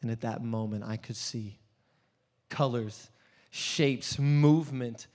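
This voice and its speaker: An actor playing an earnest, desperate blind male beggar in a dramatic first-person monologue, swinging between hushed and loud storytelling. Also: medium pitch, slow, close to an everyday voice. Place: church hall. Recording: long church hall reverb.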